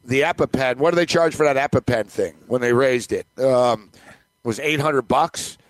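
A man's voice: mid-range voice, normal speed, no echo. A man from the United States hosting a casual podcast, ranting and joking about insurance and drug prices.

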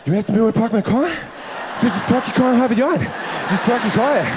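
A man's voice: extremely high pitch, animated, moderate pace, noisy background, pitched above the performer's own voice. A man doing an impression of a smug male movie star with a Boston accent and stretched-out vowels, repeating his lines. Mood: indignant.

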